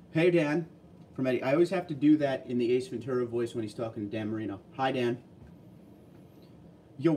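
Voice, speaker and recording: A man hosting a casual livestream, reading viewer comments aloud and chatting back in a relaxed way. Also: medium pitch, far from the mic, a little hiss or hum.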